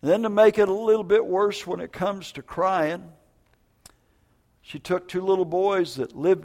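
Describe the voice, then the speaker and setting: A man's voice: high voice, a little mellow. An older man preaching a sermon, telling a personal story in a folksy, emotional way with frequent asides. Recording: long hall reverb.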